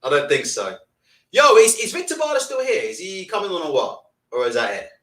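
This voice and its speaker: A man hosting a live boxing stream, reading viewer comments and ranting loudly in a deliberately amped-up, swearing way. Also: high voice, very animated. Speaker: boxing channel host.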